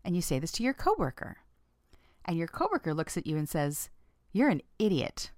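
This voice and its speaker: Lively, playful woman host, clear and dry. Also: fairly quick, dry recording. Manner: laughs often, playful and frank; acts out quoted lines with sudden pitch jumps. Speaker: podcast host. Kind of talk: casual self-help talk to listeners.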